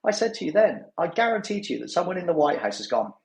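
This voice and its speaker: A man hosting a casual podcast chat, talking in an animated way and acting out what others said. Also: sits high, fast, echoey room. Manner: animated, mimics others in quotes. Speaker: newsletter host.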